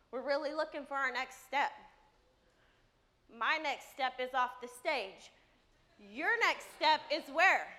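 A woman's voice: sits high, sharp tone. A woman speaking from a church stage, telling a family story animatedly, laughing and acting out the scenes. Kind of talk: sermon storytelling.

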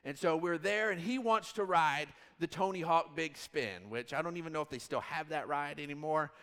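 A man in his thirties, a pastor telling a rambling, animated story in a sermon. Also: a little high, normal speed, big-room sound. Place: church hall.

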